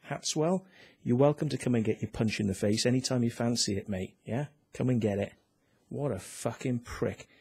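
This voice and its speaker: A man's voice: medium pitch, darkish tone, husky. A man with a British accent, ranting in a heated, profane and mocking way on a vlog while reading out a complaint ruling. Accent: British English. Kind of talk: angry vlog rant.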